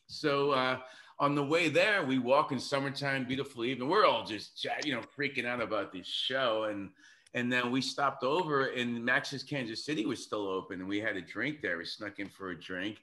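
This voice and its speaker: A man, speaking in a bright, forceful voice at a middle pitch. He rambles through a long anecdote, excited and swearing freely, like a guest musician on a casual podcast. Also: normal speed. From New York City.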